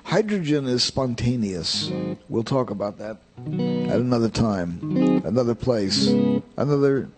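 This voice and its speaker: A man's voice: medium pitch, lively intonation, measured pace, music in the background. An older man giving a rambling, plain-spoken voice lesson, drifting into anecdotes. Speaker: voice teacher.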